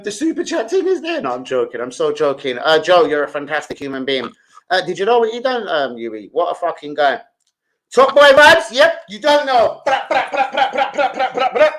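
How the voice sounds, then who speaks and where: An older man, chatting casually on a live stream, shouting out to viewers and swearing freely. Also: on the high side.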